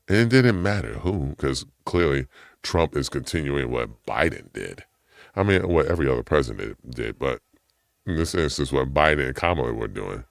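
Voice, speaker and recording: Gravelly deep-voiced man ranting. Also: no echo, studio quality. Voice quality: gravelly low voice. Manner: heated and profane, voice swings up when indignant. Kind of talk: impassioned personal rant.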